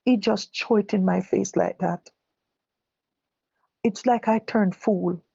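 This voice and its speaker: An older Jamaican woman giving personal testimony, halting and correcting herself as she recalls what others said. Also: mid-range voice, steady tone, gravelly, dark tone, slightly rough, no room sound, lo-fi sound. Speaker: guest telling her own story. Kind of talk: personal testimony told live.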